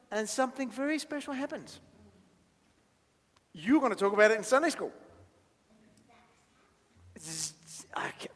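A man leading a playful children's talk in church, chatty and jokey, quizzing the audience as he draws. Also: extremely high pitch. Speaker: minister giving a children's talk. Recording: long church-hall reverb.

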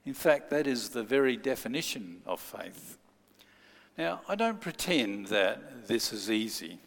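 A man's voice: mid-range voice, very animated, unhurried, creaky. A man preaching a sermon, telling a story and acting out the people in it. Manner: storytelling, acts out quoted voices. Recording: long hall reverb.

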